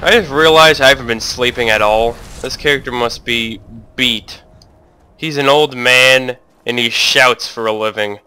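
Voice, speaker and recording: A young man giving jokey let's-play commentary who talks to the characters on screen and bursts into sudden yells. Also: mid-range voice, unhurried, clear, resonant tone. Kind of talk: gameplay commentary.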